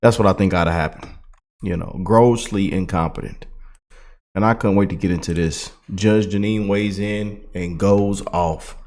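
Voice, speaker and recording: A man giving casual, animated political commentary with a mocking, excitable delivery. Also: deep voice, moderate pace.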